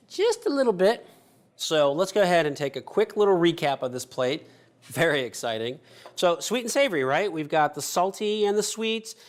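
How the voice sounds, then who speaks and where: A man hosting a cooking show as the chef, chatty and upbeat, talking viewers through each step in a kitchen. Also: fairly high pitch. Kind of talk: cooking demonstration.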